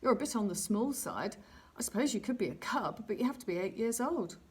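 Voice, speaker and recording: A woman's voice: fairly high pitch, animated, fairly quick, husky. A woman voicing a cheerful, confident boy scout who teases a little, in a storybook reading. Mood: teasing. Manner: bright, bossy, teasing.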